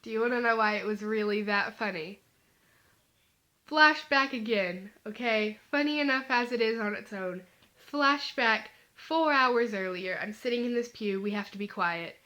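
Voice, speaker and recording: A teenage girl telling a comic story to the camera, talking fast and animated, full of "like" fillers. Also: fairly high pitch. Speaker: vlogger.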